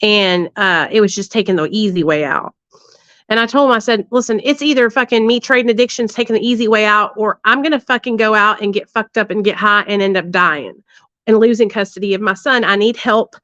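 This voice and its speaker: A woman's voice: fairly high pitch, fairly even intonation, fast, a bit bright, dry recording. A woman, telling her recovery story casually and bluntly, with plenty of swearing and asides to her listeners. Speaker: livestream host sharing her recovery story. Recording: dull, slightly lo-fi dry sound.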